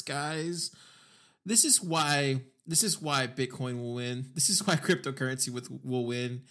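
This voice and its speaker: A man's voice: mid-range voice, measured pace, bright, forceful tone. A podcast host, a man, delivering a heated, sarcastic, profane rant as commentary.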